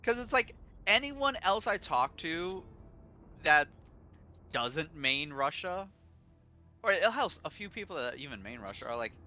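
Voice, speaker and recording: A man's voice: a little high, a little slow. A man streaming and chatting casually, ranting and swearing a lot as he talks about a game. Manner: animated ranting, swears often. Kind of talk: casual gaming chat.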